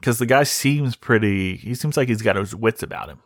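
A man's voice: lowish voice, normal speed, dry recording, clean studio sound. A man hosting a podcast who tells a story as an exasperated, wry rant and often repeats himself. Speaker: podcast host.

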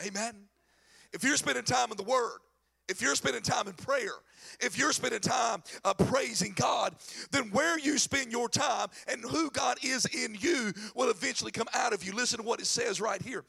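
A middle-aged man delivers a sermon in a church, his high voice edged with gravel and a husky breathiness. He tells stories with animated energy and bursts of shouted emphasis, and his tone stays bright and forceful. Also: moderate pace. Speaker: pastor.

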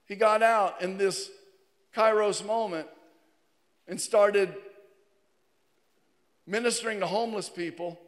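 A pastor from Virginia preaching a fervent sermon, dropping to a hush and then rising to a loud, emphatic call. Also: male voice, sits high. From Virginia, USA. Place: church sanctuary. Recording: hall reverb.

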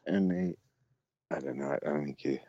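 Deep-voiced guy swearing his way through a story, dry dull lo-fi sound. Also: normal speed, dark tone, husky, dry recording. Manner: swears freely, laughs often, acts out others' voices in high tones. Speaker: musician guest. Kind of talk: casual storytelling.

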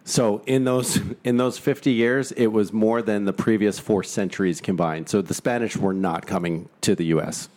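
A man's voice: on the low side, fairly even intonation, normal speed, few pauses, darkish tone. A man hosting a podcast who reads facts aloud and riffs on them with crude jokes in casual chat. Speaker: podcast host.

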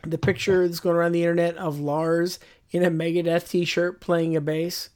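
A woman co-hosts a casual radio show, chatty and joking as she tells short stories. Her voice sits fairly low for a woman. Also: level tone, normal speed, a little mellow. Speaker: radio co-host.

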